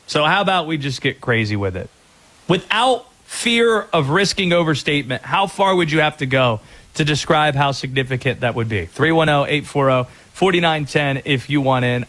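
Upbeat sports radio host. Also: male voice, on the high side, a bit bright. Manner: upbeat, joking, laughs easily. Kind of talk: radio talk show.

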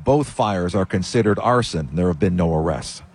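A man's voice: low voice, expressive, normal speed, a little mellow, slightly rough. Man reporting from the scene. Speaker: field reporter. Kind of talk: filed news report.

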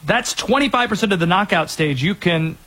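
Male sports talk host, high husky voice, animated, opinionated rundowns. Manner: energetic, opinionated, quick rundowns.

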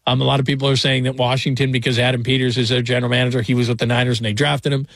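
A man's voice: mid-range voice, flat delivery, rapid-fire, vocal fry, fairly bright tone, no echo. A man hosting a sports talk radio show, chatting casually and rambling through stories with small laughs. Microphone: studio microphone.

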